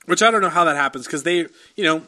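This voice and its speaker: A young man with a high, bright voice recounts a story over a casual podcast chat. He rambles, leans on fillers and slips into acted-out quotes as he goes. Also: fast. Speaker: podcast co-host.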